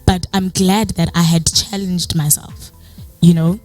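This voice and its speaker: A young South African woman gives a personal, motivational talk in a conversational, storytelling way. She leans on "you know" as she goes and slips into lively acted-out dialogue. Soft music plays faintly behind her. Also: on the low side, unhurried. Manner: chatty storytelling with many "you know" fillers; acts out quoted dialogue in a lively way. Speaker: guest speaker.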